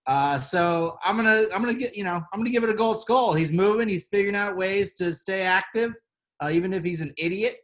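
A man's voice: sits high, brisk, fairly bright tone. A man co-hosting a podcast in casual chat, rambling with lots of filler words. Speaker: podcast co-host.

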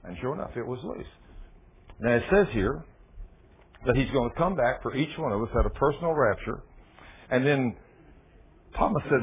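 A man preaching a sermon, telling stories dramatically and swinging from loud exclamations to hushed, low lines. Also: expressive, moderate pace, pauses often, husky. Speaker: pastor. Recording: tinny phone-like sound.

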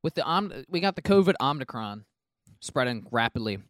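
A man's voice: medium pitch, very animated, moderate pace, no room sound. Rambling male podcast host, dry sound. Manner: rambling, self-interrupting, jokey. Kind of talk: casual podcast chat.

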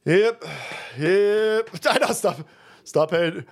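A man hosts a livestream with a casual political rant, profane and sarcastic, laughing often. His voice sits high and he speaks very slowly.

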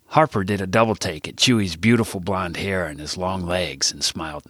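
A man reading his own book aloud as first-person narration, jumping much higher and louder whenever he voices dialogue. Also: moderate pace, dry recording, clean studio sound.

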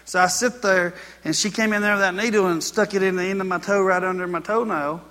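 A man's voice: high voice, steady tone, fairly quick, sharp tone, in a large hall. A man preaching a sermon. He tells folksy personal stories and builds to repeated exhortations. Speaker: pastor.

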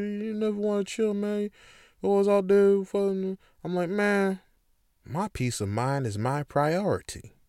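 A man's voice: on the high side, smooth, no room sound, clean studio sound. A man hosting his own podcast, talking candidly and emphatically in a casual motivational monologue, with plenty of swearing. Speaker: podcast host.

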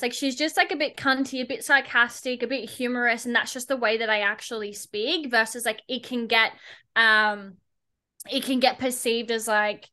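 A woman's voice: fairly high pitch, steady tone, normal speed, bright, forceful tone. A young woman, a podcast guest and entrepreneur, talking casually in a blunt, sarcastic way and swearing freely.

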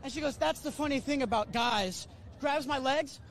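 A man in a street interview clip, telling a crude story in an animated way. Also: very high-pitched, moderate pace, a faint crowd, slight background noise. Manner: animated, crude, builds to shouting. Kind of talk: storytelling anecdote.

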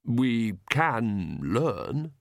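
A man's voice: medium pitch, very animated, very slow, gravelly, dry recording, studio quality, full character voice. Vlad, a smug young vampire, voiced by a man. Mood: mocking, fussy. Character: polite young male vampire, smug and dandyish.

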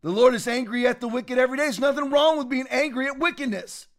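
A man with a high-pitched voice delivering fiery, preachy political commentary. He rants with sudden loud bursts and heated conviction. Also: fast. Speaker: commentary show host.

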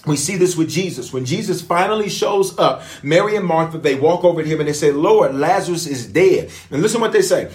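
A man with a fairly high voice leads a livestreamed prayer as a pastor. He preaches with fervor, stacking up repeated declarations. He keeps urging the viewers to type their replies. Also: animated, fast talker, hardly any pauses. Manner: calls viewers to type responses. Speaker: pastor leading online prayer.

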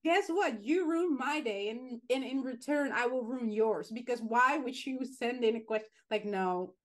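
High-ish voiced woman podcast host, dramatic ranty casual chat. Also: moderate pace. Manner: animated, dramatic ranting.

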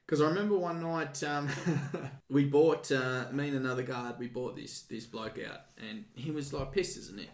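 A man's voice: mid-range voice, normal speed. An Australian man hosting a podcast, chatting casually and telling swear-laden stories in which he acts out other people's lines. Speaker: podcast host. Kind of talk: casual chat. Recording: roomy echo.

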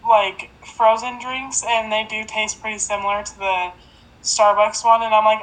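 A woman's voice: medium pitch, little pitch movement, normal speed, fairly bright tone, poor audio. A young woman co-hosting a casual podcast, laid-back with blunt opinions, laughing at herself. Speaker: podcast co-host. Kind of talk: casual chat.

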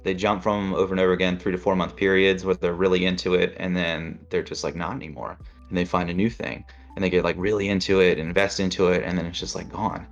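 A man's voice: sits low, flat delivery, fast, hardly any pauses. A man chatting casually, rambling and acting out inner voices as he explains. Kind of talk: casual chat. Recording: dull lo-fi sound with faint music.

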